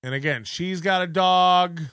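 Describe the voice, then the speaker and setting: A man with a high, bright voice recaps a clip in casual show-host fashion. He laughs a lot and keeps repeating the lines he finds funny. The sound is close and dry, with no room around it. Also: unhurried, smooth, dry recording. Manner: laughing, repeating quotes, animated. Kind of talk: casual commentary on a viral video.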